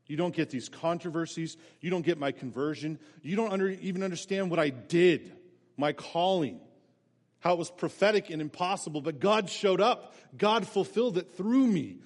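An earnest apostle pleading his case, voiced by a preacher, urgent and emphatic. The voice sits fairly high and rings through a long church-hall reverb. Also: normal speed. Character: earnest apostle defending himself before a king.

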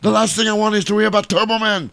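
A man's voice: high-pitched, fairly even intonation, very fast, vocal fry, pushed and bright, clean tone, voice pushed up, full character voice. Man doing a clipped action-hero impression. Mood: mock-tough. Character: tough male action-movie hero impression.

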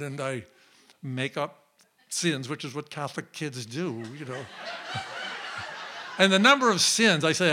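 Male live storyteller, bright and slightly high-pitched, playful comic delivery. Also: lively intonation, normal speed, pauses often, slight background noise. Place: stage before a live audience.

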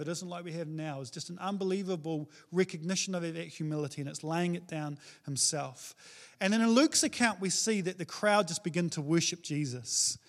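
A man with a New Zealand accent preaching a sermon as a pastor, casual and joking in his delivery. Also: on the high side.

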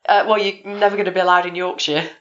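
A woman's voice: fairly low pitch, steady tone, fast talker. Woman host in her forties, outer London accent, teasing and chatty, dull lo-fi recording. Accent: southern English, outer London. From England. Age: 40s. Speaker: podcast host. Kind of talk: casual podcast chat. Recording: dull lo-fi sound.

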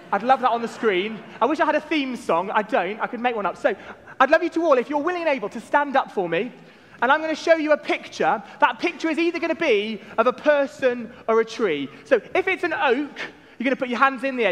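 A man with a very high voice speaks in a playful, jokey way, drawing the congregation into a game before his sermon. His voice carries a long reverb from a large church. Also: a bit bright. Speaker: preacher leading a church service. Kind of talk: playful family-service talk.

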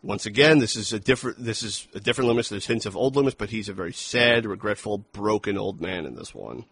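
A man's voice: on the low side, lively intonation, fast talker, a bit bright, husky, no echo. A man co-hosting a film review podcast, talking casually and profanely, acting out lines from the movie. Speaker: podcast co-host.

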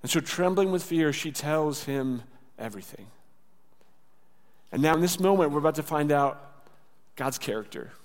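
A man preaching a sermon in a casual, conversational way. He acts out quoted lines and drops to a soft voice for tender words. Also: on the high side, lively intonation, moderate pace, long pauses. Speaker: pastor. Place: church sanctuary. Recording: church hall with long reverb.

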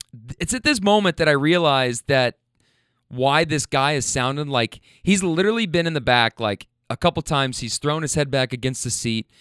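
A young man telling a rideshare story in a casual, animated way, swearing a lot and restarting his sentences. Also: on the high side, no room sound, studio quality. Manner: animated, profane, rambling with restarts.

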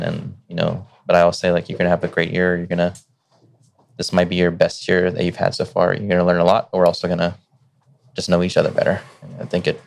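A middle-aged man, a teacher telling stories in a relaxed, rambling way full of fillers. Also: low voice, gravelly, a little hiss or hum. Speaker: teacher and podcast guest. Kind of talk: casual conversation.

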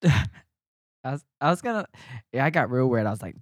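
A man's voice: mid-range voice, very animated, normal speed, dry recording, clean studio sound. An American man co-hosting a podcast, telling stories in a rambling, laughing, profane way. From United States. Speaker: podcast co-host. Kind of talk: casual chat.

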